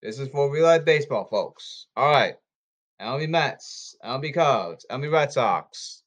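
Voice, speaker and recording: A man ranting about baseball and social media in repetitive, halting bursts. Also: mid-range voice, animated, a bit bright. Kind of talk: rambling ranting commentary.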